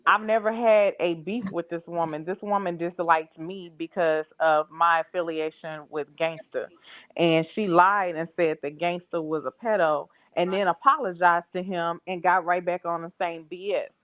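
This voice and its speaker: A woman's voice: lowish voice, no echo. A woman on a panel who speaks in a blunt, firm way, stating her stance plainly. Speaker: panel guest. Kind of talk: casual panel talk. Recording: tinny dry phone line.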